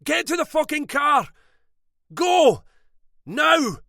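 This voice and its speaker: A man's voice: on the high side, sing-song, a little slow, dry recording, clean studio sound, voice pushed up. A man voicing a protective older brother who speaks firmly and commands. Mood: shouting. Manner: firm, commanding. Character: protective big brother, forceful and urgent.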